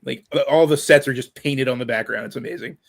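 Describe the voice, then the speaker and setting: A man's voice: medium pitch, fast talker, gravelly. A man chatting casually on a live book show, recalling a childhood memory and insisting he is right. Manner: insistent, laughs while defending his story. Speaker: co-host. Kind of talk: casual chat.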